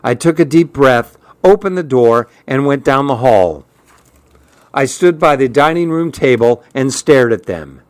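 Slow-reading male storyteller. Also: medium pitch, dry recording. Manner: unhurried, even first-person storytelling. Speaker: narrator.

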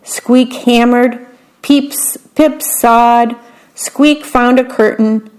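A woman reads a picture book aloud at an unhurried pace. Her voice sits slightly high. Between the lines of the story she drops into an easy, chatty aside, describing the pictures. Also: fairly even intonation, darkish tone, poor audio. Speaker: storybook reader.

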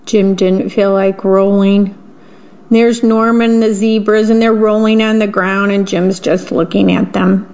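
A woman's voice: medium pitch, little pitch movement, unhurried, a little mellow. A woman reading picture books aloud and describing the pictures between the lines. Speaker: reader. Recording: dull lo-fi recording.

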